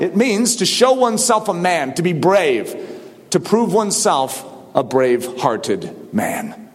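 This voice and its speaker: A man preaching a sermon to a congregation, swinging from quiet talk to shouted exhortation. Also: high-pitched, sing-song, measured pace, big-room sound.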